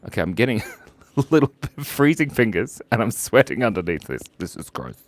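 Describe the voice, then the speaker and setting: Playful chatty man with a lively pitch. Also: a little fast, no room sound. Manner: playful, chatty, reads viewer requests aloud. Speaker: live-stream artist. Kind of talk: casual live drawing chat.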